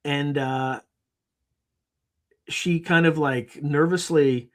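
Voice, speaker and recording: A man's voice: fairly high pitch, extremely slow. A man talking as a podcast guest, telling anecdotes with animation and acting out other people's lines. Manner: animated storyteller who acts out quotes. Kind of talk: conversational interview.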